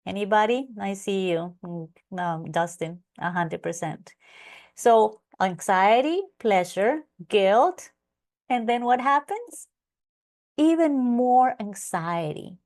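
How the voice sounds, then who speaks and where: A woman's voice: mid-range voice, lively intonation, slow pace. A woman coaching a live online class, acting out her own past thoughts and answering attendees by name. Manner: reads out attendee names from chat. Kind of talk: live webinar teaching.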